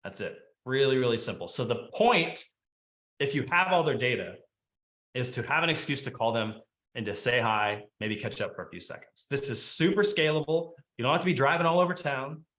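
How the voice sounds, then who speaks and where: Lively man, echoey room. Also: medium pitch. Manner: lively and conversational, acts out quick phone dialogues. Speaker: real estate marketing speaker. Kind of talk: webinar teaching talk.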